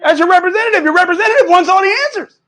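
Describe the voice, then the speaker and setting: A man hosting, coaching a live audience in an animated, profane, mocking way. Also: very high-pitched, racing. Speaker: host.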